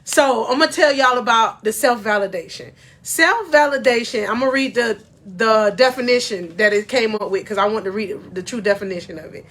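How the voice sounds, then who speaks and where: A woman's voice: high-pitched, a bit bright. A middle-aged woman gives a faith-based motivational talk to camera as a life coach, emphatic and preachy, calling her viewers "y'all.".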